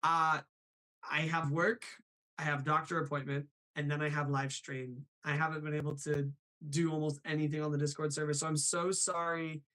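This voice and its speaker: A man's voice: on the high side, little pitch movement, moderate pace, pushed and bright. Chatty male live-stream host. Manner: apologetic, chatty, laughs often. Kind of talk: casual live-stream chat.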